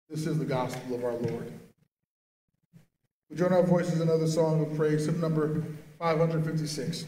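A man leading worship as pastor, reading scripture aloud in a measured, formal way in a church. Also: on the high side, steady tone, mellow. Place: church sanctuary. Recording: echoey church from far off.

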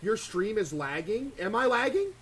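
A man streaming a horror game, excitable and stammering as he talks to his chat. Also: sits high, moderate pace, a little hiss or hum. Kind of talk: live horror gameplay commentary.

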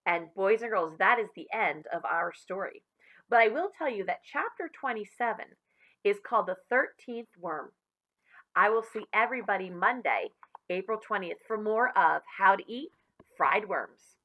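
Bright-voiced woman reading to children. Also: medium pitch, normal speed. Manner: warm, expressive storyteller addressing children. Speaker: teacher reading aloud to children. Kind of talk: children's story read-aloud.

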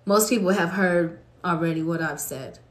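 A woman's voice: on the low side, moderate pace. A woman from Colorado hosting a livestream, praying and chatting off the cuff, laughing often and reading viewer comments aloud. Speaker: livestream host. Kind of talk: prayer and casual livestream chat. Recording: roomy echo.

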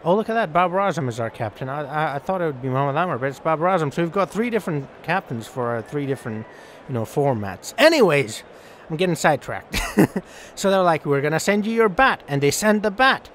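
A man's voice: fairly high pitch, sing-song, brisk, a little hiss or hum. A young man casually commenting while playing a cricket video game, rambling and swearing offhandedly. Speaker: gaming channel host.

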